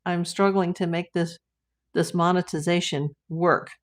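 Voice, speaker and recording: A woman's voice: on the low side, steady tone, measured pace. Woman livestream host, chatty, reads chat aloud and greets viewers by name.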